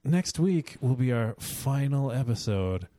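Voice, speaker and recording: A man's voice: mid-range voice, lively intonation, measured pace, mellow, dry recording, clean studio sound. A man hosting a podcast, making wry asides in casual banter. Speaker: podcast host. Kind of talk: casual comedic chat.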